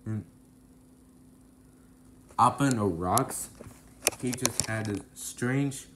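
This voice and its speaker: A man's voice: fairly low pitch, slow, pauses often, reverberant, noisy background. A man narrating a rhyming storybook tale in a sing-song delivery.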